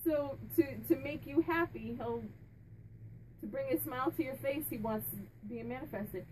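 A woman's voice: high-pitched, normal speed, darkish tone, far from the mic, a little hiss or hum, poor audio. A woman speaking as a medium, chatting casually and relaying what a spirit tells her, with many restarts and fillers. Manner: laughs and jokes with the spirit. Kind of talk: casual channeling talk to camera.

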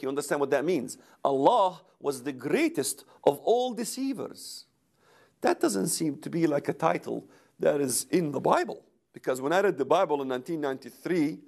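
A man lecturing to a camera in an emphatic, rhetorical way, often hammering a word again and again. His voice sits a bit high, swings widely in pitch, and carries a gravelly rasp. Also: darkish tone. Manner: emphatic, repeats words for rhetorical effect. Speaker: speaker. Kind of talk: lecture recorded for video.

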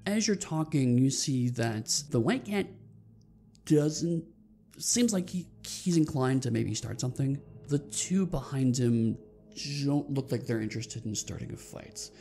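A gravelly-voiced man running a tabletop role-playing game. He narrates the action and explains the rules in a loose, rambling way, restarting his sentences, with faint music behind him. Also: mid-range voice, animated, a little slow, warm tone. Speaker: game master.

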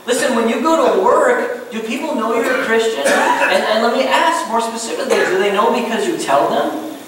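High-voiced pastor in an echoing church. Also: male voice, moderate pace, a bit bright. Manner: conversational, asks the room many questions. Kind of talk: sermon. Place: church sanctuary. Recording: very echoey hall, voice a bit distant, faint noise.

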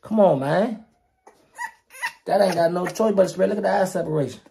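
A man's voice: high-pitched, a little fast, creaky, dark tone, slight background noise. Hyped-up slangy young man showing puppies. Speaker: dog breeder showing puppies. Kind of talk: casual vlog talk to viewers.

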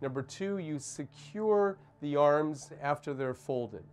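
A male pediatrician talks in a gentle, patient way with a slightly raised voice, walking through each step in order. He sounds like he is teaching in a clinic consultation room, with soft music in the background. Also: fairly high pitch, slow. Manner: gentle, calm, step-by-step explaining. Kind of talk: instructional demonstration.

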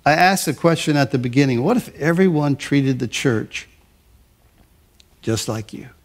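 An older man, a pastor, preaching a sermon in a conversational way, often repeating and restarting his words and slowing to stress lists of phrases. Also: on the high side, expressive.

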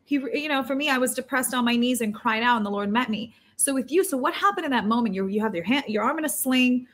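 A woman's voice: sits high, lively intonation, fast talker, a bit bright. A woman hosting a faith interview, talking in an earnest, emphatic way. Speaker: host.

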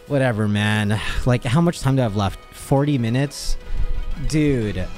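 A man's voice: medium pitch, a little slow, faint music behind. A young man streaming, chatting casually with his viewers, swearing and ranting in exasperation. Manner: animated, swearing, exasperated rants. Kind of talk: casual livestream chat.

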